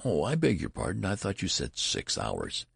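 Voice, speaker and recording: A man's voice: low voice, huge pitch swings, moderate pace, gravelly, fairly bright tone, husky, no room sound, clean studio sound, full character voice. A man playing a puzzled store clerk. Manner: matter-of-fact, puzzled.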